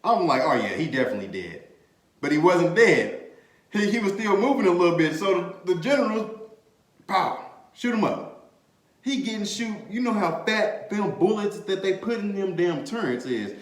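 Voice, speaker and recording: A man hosting a podcast, chatting casually about a movie in an animated, slangy way, laughing and swearing freely. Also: sits high, moderate pace. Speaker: podcast host. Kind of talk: casual movie review chat. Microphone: desk mic, bumped at times. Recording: echoey room.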